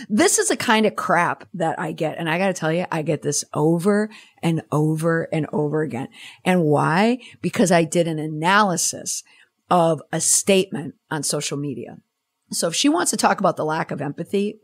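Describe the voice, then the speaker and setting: A woman's voice: sits low, breathy edge. A woman hosting a solo podcast, reading out listener messages and answering them with sarcastic, exasperated commentary. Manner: animated, swooping delivery. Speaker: podcast host.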